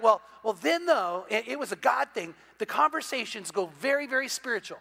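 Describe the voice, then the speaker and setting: A middle-aged man, a pastor telling a story in a sermon, animated and full of repeated "and, and" restarts as he acts out the people in it. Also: very high voice, brisk, vocal fry, few pauses.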